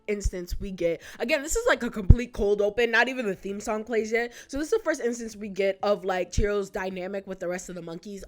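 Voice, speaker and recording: Woman, casual video reviewer, mid pitch, rambling and chatty, loose filler-heavy delivery. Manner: chatty, rambling, many "like" fillers, frequent laughs. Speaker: youtuber reviewing a cartoon. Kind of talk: casual retrospective commentary.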